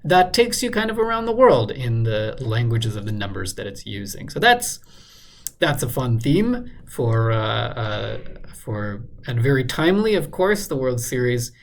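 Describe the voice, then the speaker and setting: A man solving a crossword out loud, muttering guesses and filling pauses with lots of ums and uhs. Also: medium pitch, very animated, creaky. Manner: muttering, hesitant, many fillers. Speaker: crossword solver. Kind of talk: thinking aloud while solving a puzzle.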